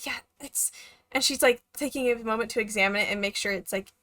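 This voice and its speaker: A woman running a tabletop game as game master, narrating in an animated way with frequent laughs. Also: a little high, fast, no echo. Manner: animated, laughs often, many fillers.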